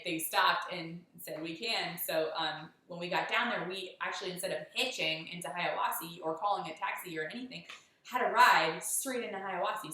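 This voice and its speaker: A woman's voice: on the low side, sharp tone, heavy reverb, far from the mic, poor audio. A woman chatting casually through an after-show recap of a hike. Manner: chatty storytelling. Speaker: hiker vlogger.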